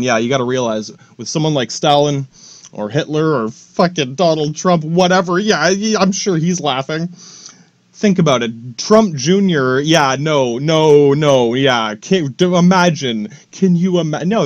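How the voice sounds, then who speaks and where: A man's voice: fairly high pitch, dry recording. A man hosting a solo podcast, rambling through a profane, joking monologue full of asides. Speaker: podcast host. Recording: dry, dull lo-fi recording.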